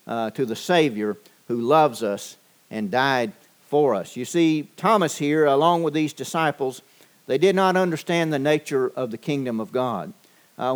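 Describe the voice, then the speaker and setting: A man preaching a sermon, measured and deliberate, with frequent pauses and fillers. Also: mid-range voice. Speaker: pastor.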